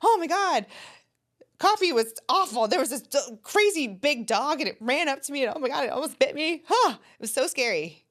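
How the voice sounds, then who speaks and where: A woman's voice: high-pitched, animated, normal speed, fairly bright tone, pitched above the performer's own voice. A woman voicing a frightened young woman who breathlessly exclaims about a scary dog. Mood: panicked.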